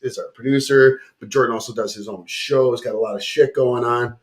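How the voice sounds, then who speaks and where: A man's voice: medium pitch, steady tone, fairly quick. A man hosting a casual chat show, joking around and reading sponsor plugs. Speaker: talk show host.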